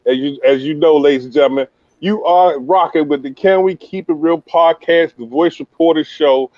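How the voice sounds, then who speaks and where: A man's voice: fairly high pitch, normal speed, dry recording, lo-fi sound. Hyped-up slangy male podcast host. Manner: hype, slangy, playful banter. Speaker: podcast host interviewing a youth player. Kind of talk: casual podcast interview.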